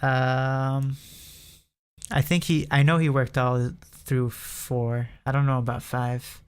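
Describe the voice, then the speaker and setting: Guy cohosting a game podcast, smooth clear voice, kinda flat, voice cracks sometimes. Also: mid-range voice, takes it slowly. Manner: voice prone to cracking. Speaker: podcast co-host. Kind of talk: casual chat about video games.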